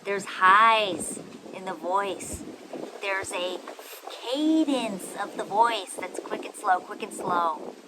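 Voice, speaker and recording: A woman who hosts a podcast and coaches listeners on communication. She talks in an animated, affectionate way and keeps checking that listeners agree. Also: mid-range voice, slow pace. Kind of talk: coaching monologue. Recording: noisy recording with ambient and traffic sounds.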